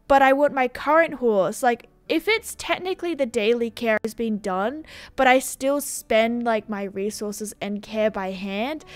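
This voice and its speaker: A young Australian woman with an Australian accent, casually reading a game blog aloud with chatty, excitable asides. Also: on the high side, clear, resonant tone, no room sound. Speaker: gaming video creator.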